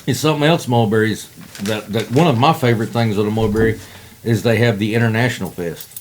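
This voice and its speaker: A man's voice: lowish voice, quick pace, slight background noise. A man telling crude, jokey stories in a casual podcast chat. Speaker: podcast cohost.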